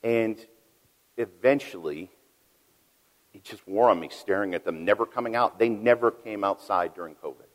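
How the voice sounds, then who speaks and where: A deep-voiced middle-aged man preaching in a big hall where his words ring out with a long echo. He tells his story with loud peaks and hushed, quiet asides, the way a pastor talks from the pulpit. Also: normal speed. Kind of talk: sermon. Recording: long reverb of a large hall.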